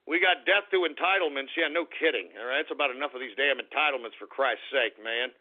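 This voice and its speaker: A man hosting a talk radio show who rants in a mocking, profane way as he reads out listener shout-outs. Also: medium pitch, brisk. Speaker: radio host. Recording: tinny phone-line radio sound.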